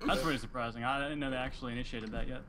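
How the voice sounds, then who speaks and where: A young man from Ohio in his twenties, playing a game with friends and joking in a dry, low-key way. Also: fairly even intonation, very fast, background noise. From Ohio, United States. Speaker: co-player. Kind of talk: casual gaming chat.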